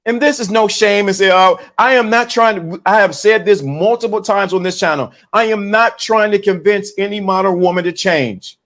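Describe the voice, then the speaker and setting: A man with a high-pitched voice talks straight to his channel viewers in a preachy, live commentary. He circles back on his words, stumbles and repeats phrases as he drives a point home, speaking into a phone. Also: moderate pace, hardly any pauses, a bit bright. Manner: preachy, repetitive, restarts and stumbles often. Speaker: channel host. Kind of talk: livestream commentary.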